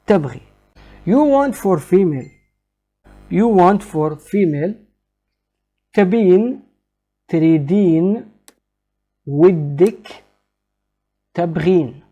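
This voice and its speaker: Slow, mellow male teacher. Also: a little high. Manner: slow and deliberate, repeating words. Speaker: Arabic teacher. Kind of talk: slow language lesson.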